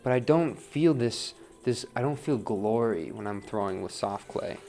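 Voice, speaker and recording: Casually livestreaming a pottery demo at the studio wheel, a man counts off his pulls and frequently asks "right?" He speaks at normal speed in a fairly low, dark voice with lively intonation.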